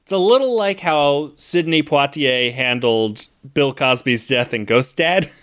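A man's voice: a little high, animated, measured pace, fairly bright tone, clear, resonant tone. A man co-hosting a movie podcast, talking in a rambling, enthusiastic way full of fillers. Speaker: podcast co-host. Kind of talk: casual movie podcast chat.

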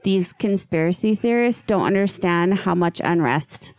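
A woman co-hosting a podcast in casual chat, teasing and quick to react. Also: fairly low pitch, darkish tone, no room sound, studio quality. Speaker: podcast co-host.

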